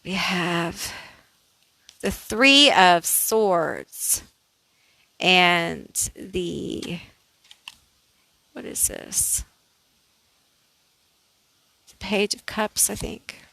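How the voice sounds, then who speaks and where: A woman's voice: fairly low pitch, lively intonation, drawn-out words, vocal fry, pauses often, bright, forceful tone, low-quality recording. A woman doing a casual tarot card reading, thinking aloud in a chatty way with many fillers. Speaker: tarot reader.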